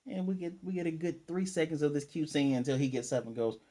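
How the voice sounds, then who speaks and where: A man giving a casual, chatty recap and review of an anime episode, acting out characters' lines in quick asides. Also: on the high side, expressive, warm tone. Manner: retells scenes with quick quoted character lines; chatty, with fillers and throat clearing.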